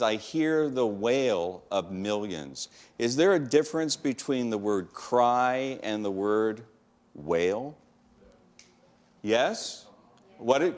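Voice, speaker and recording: A male teacher in the middle of a classroom lesson, his voice at an ordinary, mid-range pitch for a man. He keeps asking questions, calls on students and repeats their answers back to them.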